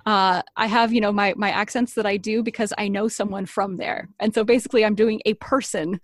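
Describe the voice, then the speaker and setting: A woman's voice: mid-range voice, fairly even intonation, fairly quick, no echo, clean studio sound. Chatty woman podcast guest. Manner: chatty, laughs often. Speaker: guest, accent impressionist. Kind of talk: casual podcast conversation.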